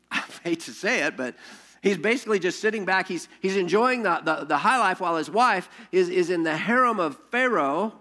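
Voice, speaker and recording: A pastor delivers a sermon in a lively storytelling manner, peppering his talk with rhetorical questions and quick restarts. His voice is a man's, pitched a little high.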